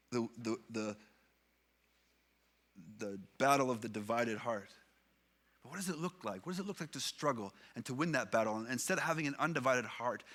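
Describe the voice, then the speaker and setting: A man's voice: mid-range voice, a bit bright. A man preaching a sermon as pastor, with a Canadian English accent, speaking earnestly and lingering on the psalms he reads aloud.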